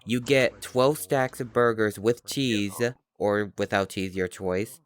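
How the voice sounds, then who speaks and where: A man chatting casually as a listener, relaxed and matter-of-fact. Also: lowish voice, takes it slowly. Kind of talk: casual chat.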